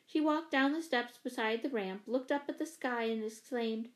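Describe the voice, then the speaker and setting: A woman narrating a children's story aloud, with expressive shifts in pitch and volume. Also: moderate pace. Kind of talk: storybook reading.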